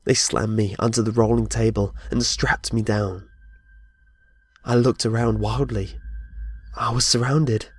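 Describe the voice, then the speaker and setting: A man's voice: on the low side, fairly even intonation, a little slow, long pauses, husky. A man narrating a horror story in a dramatic, scripted way. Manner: dramatic storytelling with voiced dialogue.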